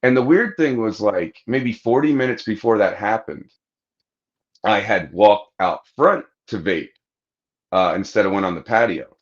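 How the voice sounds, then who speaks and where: A man's voice: on the low side, measured pace, dull audio. A man on a podcast telling a long story in casual chat, swearing freely and acting out what people said. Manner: profane, animated anecdote-telling, acting out quotes. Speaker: podcast host.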